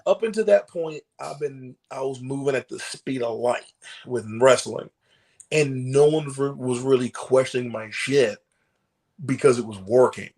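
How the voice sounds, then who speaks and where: A professional wrestler tells stories in a casual podcast interview, his voice medium in pitch and measured in pace. He's an animated storyteller who laughs often and acts out quotes, with casual swearing mixed in.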